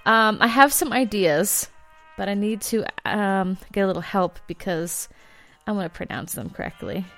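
A woman's voice: medium pitch, moderate pace, fairly bright tone, soft background music. Chatty woman vlogger, laughing easily. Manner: chatty, laughs often, self-deprecating. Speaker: vlog host. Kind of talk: casual travel chat.

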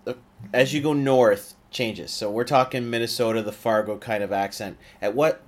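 A man's voice: medium pitch, steady tone, moderate pace. A man hosting a podcast, easygoing in manner as he quizzes his guest. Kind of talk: casual podcast chat.

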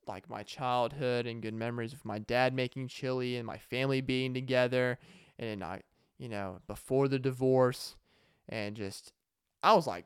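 A man's voice: medium pitch, fairly even intonation, moderate pace, clean tone, dry recording, studio quality. A young man hosting his own podcast, talking alone in a rambling, joking way that turns emotional, with many restarts and fillers. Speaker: podcast host. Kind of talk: casual solo podcast monologue.

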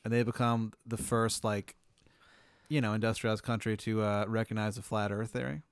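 A man's voice: on the low side, little pitch movement, normal speed, clean tone, no echo, clean studio sound. A man in casual chat who tells a playful, absurd hypothetical story.

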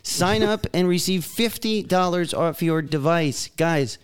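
A man's voice: fairly high pitch, unhurried, smooth. A man co-hosting a podcast, chatting casually and cracking jokes. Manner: jokey, playful. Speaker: podcast co-host. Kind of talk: casual chat.

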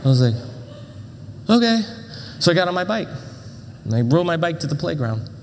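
A middle-aged male pastor telling a story in a sermon with animated, dramatic delivery and frequent self-interruptions. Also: a little high, fast talker, a little hiss or hum. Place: church auditorium. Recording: long hall reverb.

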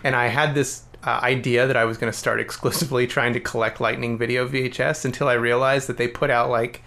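A man's voice: mid-range voice, flat delivery, fast talker, vocal fry, bright, forceful tone. A man co-hosting a podcast, chatting eagerly about films and laughing often. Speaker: podcast co-host. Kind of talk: casual chat about films.

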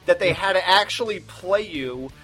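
A man co-hosting a casual movie podcast, sarcastic and quick to swear. His voice sits a little high and swings widely in pitch. Faint music plays underneath. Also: lively intonation, fairly bright tone. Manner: sarcastic, profane, joking. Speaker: podcast co-host. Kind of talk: casual movie review chat.

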